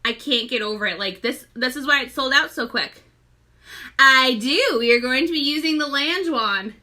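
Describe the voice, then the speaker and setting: A woman's voice: high-pitched, expressive, normal speed, pushed and bright. A young pregnant woman hosting a casual live makeup tutorial, chatty, greeting viewers by name and often short of breath. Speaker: makeup seller and live-stream host.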